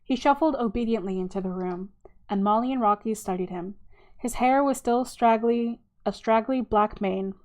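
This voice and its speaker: A woman hosting her own channel, reading a novel aloud in a steady, unhurried storytelling manner. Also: on the high side. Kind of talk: casual read-aloud narration.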